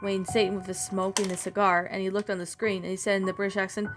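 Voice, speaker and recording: A woman's voice: mid-range voice, fairly even intonation, quick pace, hardly any pauses, faint music behind. A woman narrating a creepypasta and then reviewing it in a rambling, self-correcting way.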